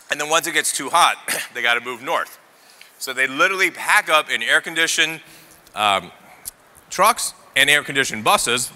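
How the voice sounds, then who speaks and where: Bright and forceful, his mid-range voice carries across a trade show demo stage as the celebrity chef cooks live, cracking jokes and chatting with the audience. The echoey hall adds faint ambience to the recording.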